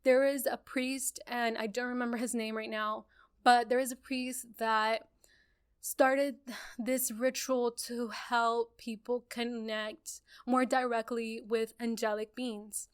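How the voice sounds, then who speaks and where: A woman's voice: a little high, slow pace, smooth. A woman, co-hosting a casual podcast and telling a story with lots of laughter and acted-out quotes. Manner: animated storyteller, acts out quotes, laughs often. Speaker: podcast co-host.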